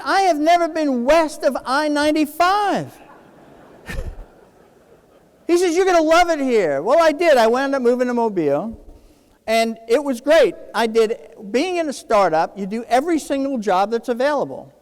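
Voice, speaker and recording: In a large hall, a high-voiced man in his sixties from New Jersey delivers a keynote speech. He tells a personal story animatedly, acting out the quoted dialogue.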